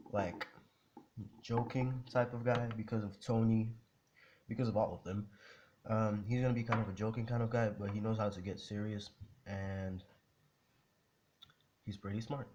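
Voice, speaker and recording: Low-voiced male storyteller, rambling and slangy; dull lo-fi audio. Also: steady tone, a little slow, long pauses, darkish tone, a little hiss or hum. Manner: rambling, slangy, filler-heavy. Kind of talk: casual fan-story narration.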